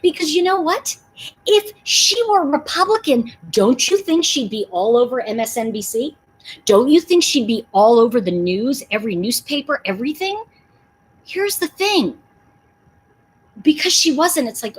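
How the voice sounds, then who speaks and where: Middle-aged female livestream host; emphatic, lively delivery; slightly high, husky voice. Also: moderate pace, rough recording. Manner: animated, emphatic, talks to viewers in chat. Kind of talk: casual livestream chat.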